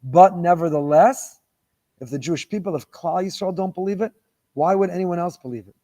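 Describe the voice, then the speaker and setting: A man's voice: high-pitched, fairly quick, warm tone. A middle-aged man, a rabbi giving a Torah lecture, who talks emphatically and repeats phrases for stress.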